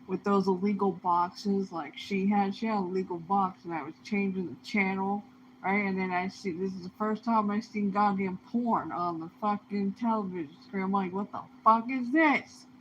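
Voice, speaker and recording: A woman ranting in a heated, profane monologue, swinging between low muttering and loud outbursts. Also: fairly even intonation, moderate pace. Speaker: vlogger. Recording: dull lo-fi sound with faint noise.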